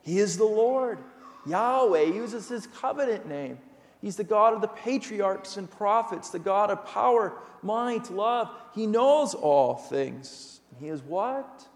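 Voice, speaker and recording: High-voiced preaching man in echoing hall. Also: animated, slow pace. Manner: earnest preaching with emphatic rhetorical questions. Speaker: pastor. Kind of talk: sermon. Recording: long hall reverb.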